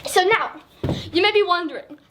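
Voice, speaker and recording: A woman's voice: very high-pitched, normal speed, background noise. A young woman casually explaining a history story over pictures, rambling, correcting herself and giggling as she goes.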